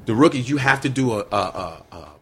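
A man, a comedian guest telling lively stories in casual chat and slipping into impressions. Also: mid-range voice, a little fast, husky. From Chicago, USA. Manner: animated storyteller, slips into impressions.

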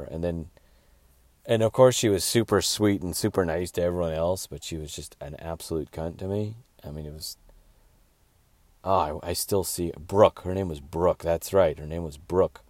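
A man's voice: sits low, moderate pace, darkish tone, no echo. A man hosting his own show, telling rambling, crude comedy stories in a casual monologue. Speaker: podcast host, comedian.

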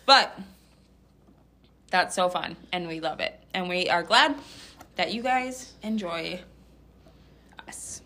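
A woman's voice: on the low side, expressive, takes it slowly, pauses often, pushed and bright. A woman co-hosting a podcast in casual chat, giggling often and talking with candy in her mouth. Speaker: podcast co-host.

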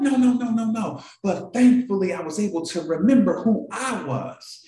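A man's voice: high voice, expressive, moderate pace, few pauses, mellow. A man hosting a morning show, giving an emotional motivational talk to a live audience and repeating phrases for emphasis. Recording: very echoey room.

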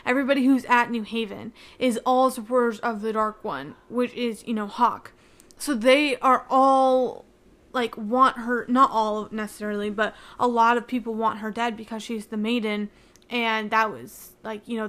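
A young woman with a slightly raised pitch talks through a book plot in a loose, excitable way. She keeps dropping "like" and "you know" into her sentences as she rushes ahead. She tries hard not to give away spoilers. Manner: chatty, heavy use of "like" fillers. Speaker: book reviewer. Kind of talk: casual book recap.

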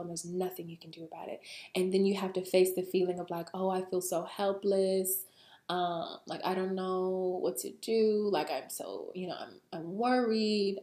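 A woman hosting a podcast, telling a story in a casual, animated way, full of slang, swearing and laughter, then giving spiritual advice. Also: mid-range voice. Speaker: podcast host and spiritual coach. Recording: roomy echo.

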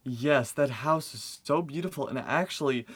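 A man co-hosting a podcast in casual chat, agreeable and quick to chuckle. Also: fairly high pitch, fairly bright tone, slightly rough, dry recording. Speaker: podcast co-host.

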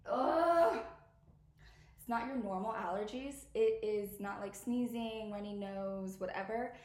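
In an echoey room, a thirtysomething woman hosts her podcast with frank, meandering chat, cursing freely and speaking right to her listeners while allergies bother her throat. She has a medium-pitched, slightly mellow voice, fairly even intonation, and a normal speaking speed.

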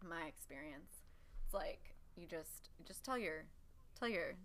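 A woman's voice: deep voice, expressive, measured pace, a bit bright, slight background noise. A young woman co-hosting a podcast, chatting candidly and swearing freely, often laughing. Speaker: podcast co-host. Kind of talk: casual chat.

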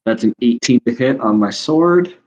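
A man's voice: medium pitch, lively intonation, moderate pace, darkish tone, slight background noise. A man playing a tabletop game, casually calling out his dice rolls and damage. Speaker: player. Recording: dull lo-fi audio.

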